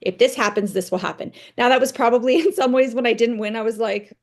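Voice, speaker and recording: A woman's voice: a little high, fast, a little mellow. A woman leading a team training session in a conversational motivational style, telling personal stories and checking in with "right?". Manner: conversational, tags points with "right?"; tells personal stories to make points.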